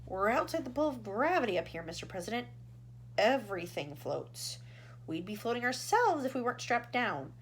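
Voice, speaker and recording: A woman's voice: fairly high pitch, sing-song, moderate pace, slight background noise. A woman voicing a blunt, folksy male astronaut talking back to his bosses.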